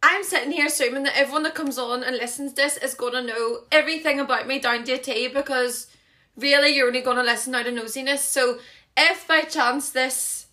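Young Northern Irish woman hosting her own podcast. Bright, chatty, talks fast and loud with self-conscious asides. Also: high-pitched, steady tone. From Northern Ireland. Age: 20s. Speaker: podcast host. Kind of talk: casual solo chat.

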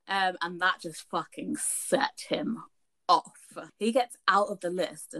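In relaxed podcast conversation, a young co-host tells a story with lively energy, cursing freely as she chats. She speaks at medium pitch and takes her time.

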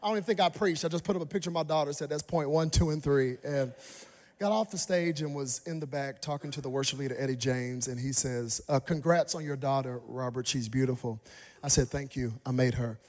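A man in his thirties preaching a sermon, telling a personal story in an animated way and jumping into high, excited voices when he acts out the people in it. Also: fairly quick. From Dallas, Texas. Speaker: pastor. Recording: long hall reverb.

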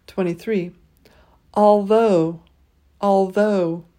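Slow, mellow-voiced woman teaching pronunciation. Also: medium pitch, fairly even intonation. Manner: says each word twice with pauses. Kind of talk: slow word-by-word pronunciation drill.

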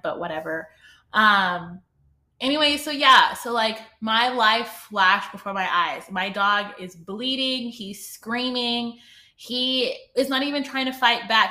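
A young woman talks casually on her podcast in a bright, forward voice. She rambles through a personal story, full of asides and emotion. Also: medium pitch. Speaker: podcast host.

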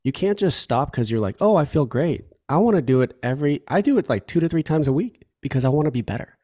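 A man's voice: mid-range voice, sing-song, fast talker, dark tone. Affirming, encouraging male podcast host. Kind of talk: candid conversation.

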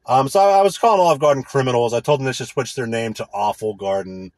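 A man's voice: mid-range voice, fast talker, no room sound. A man in a casual, profane, indignant rant. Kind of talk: casual ranting monologue.

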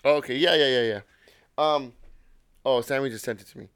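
A man's voice: mid-range voice, brisk, clear, resonant tone. A man in his thirties hosting a podcast in casual chat, telling stories with a lot of laughter and swearing. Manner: animated, laughing storyteller who swears freely. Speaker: podcast host.

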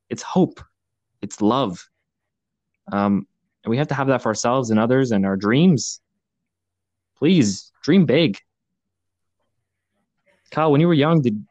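A young man hosting a podcast, talking in an earnest, reflective way, pausing often with fillers. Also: medium pitch, darkish tone, dry recording. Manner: earnest, thoughtful, halting with many fillers. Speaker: podcast host. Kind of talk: reflective casual podcast talk.

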